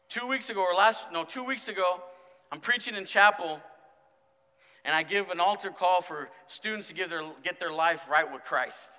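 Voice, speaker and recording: Man, student pastor preaching, bright tense voice, fairly high, long hall echo. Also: expressive, normal speed. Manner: swings from mumbled quotes to loud exclamations. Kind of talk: sermon with acted-out stories.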